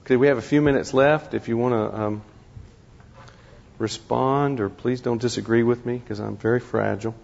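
A man's voice: mid-range voice, steady tone, creaky, a little mellow, a little hiss or hum. Man lecturing in an echoing hall. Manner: conversational, halting restarts, wry self-deprecating humor. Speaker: guest speaker to a ministry class. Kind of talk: informal lecture. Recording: dull lo-fi recording in a reverberant hall.

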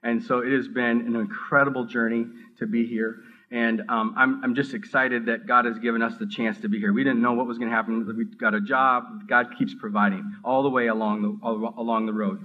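A middle-aged man from the Minneapolis area telling his personal faith testimony, earnest and halting, often restarting his sentences as his excitement builds. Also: medium pitch, phone-quality sound. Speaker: seminary student giving testimony.

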